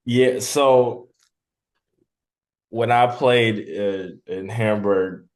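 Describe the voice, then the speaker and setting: A young man chats on a podcast in a low voice. He speaks slowly and in an unhurried way. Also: darkish tone. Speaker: podcast co-host. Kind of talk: casual chat.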